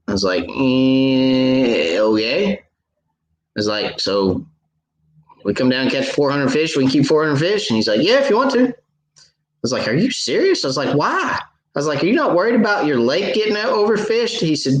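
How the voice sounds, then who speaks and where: A man's voice: medium pitch, roomy sound, low-quality recording. A man hosting a live fishing Q&A, chatting casually and retelling stories with many fillers and restarts. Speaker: fishing show host answering viewer questions.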